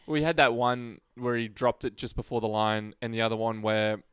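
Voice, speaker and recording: A man's voice: mid-range voice, level tone, normal speed, fairly bright tone, clear, resonant tone, no echo. A man with an ordinary mid-range voice gives confident footy takes, full of jokes and colourful comparisons. The sound is dry and close, with no room around it. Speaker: podcast co-host. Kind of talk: casual sports chat.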